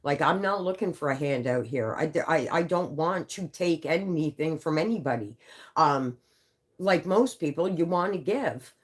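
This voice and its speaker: Woman, low voice, sleepy and worn out; rambling home livestream chat, halting, swears, restarts lines often. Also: lively intonation, breathy edge. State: tired, sleepy. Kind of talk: casual live-stream chat.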